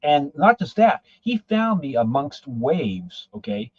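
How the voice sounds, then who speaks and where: A man's voice: on the high side, sing-song, slow pace. A man and podcast guest telling a story in a casual, rambling way, often repeating his words. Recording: dull lo-fi sound, dry.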